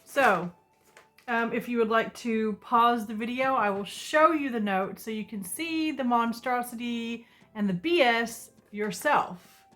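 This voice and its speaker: A woman's voice: on the high side, a little slow, fairly bright tone. Sarcastic woman telling a storytime. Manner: casual, exasperated retelling with sarcastic asides. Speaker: vlogger. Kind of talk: storytime vlog. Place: sister's living room couch.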